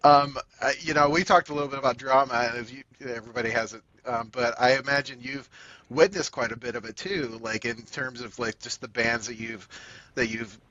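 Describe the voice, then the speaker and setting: A male podcast host asks chatty, hesitant questions full of fillers. His tone is bright and sharp. The audio sounds dull and slightly muffled. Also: medium pitch, fairly even intonation, brisk. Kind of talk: casual interview.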